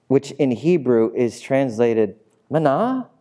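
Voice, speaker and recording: A man preaching a sermon as pastor, animated and playful, acting out little scenes as he goes. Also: medium pitch, unhurried.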